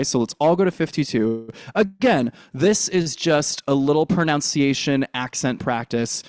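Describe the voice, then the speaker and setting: A man's voice: medium pitch, dry recording, studio quality. A man coaching a theater class on accents, upbeat and encouraging as he demonstrates lines. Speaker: drama coach.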